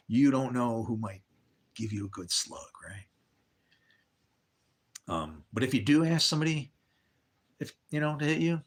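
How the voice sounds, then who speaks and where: A man's voice: on the low side, fairly bright tone. An older man telling candid personal stories on a livestream, swearing and adding religious asides. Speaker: livestream host. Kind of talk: rambling personal storytelling.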